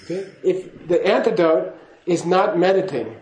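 A man's voice: high-pitched, moderate pace, a little mellow, reverberant, poor audio. A man giving a casual spoken teaching to a class, chatty and laughing, often checking in with "okay?". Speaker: Buddhist teacher.

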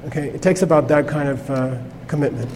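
A man's voice: on the high side, a little fast, darkish tone, long reverb tail, a little hiss or hum. A man teaching a Buddhist class in a conversational way, checking in with his listeners with frequent "okay?". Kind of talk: informal class lecture.

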